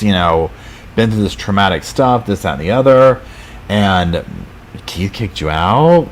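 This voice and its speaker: Speaking in a low voice over slight background noise, a man hosts a live true crime chat recapping a docuseries. He tells the case casually, filling it with fillers and performing the quotes.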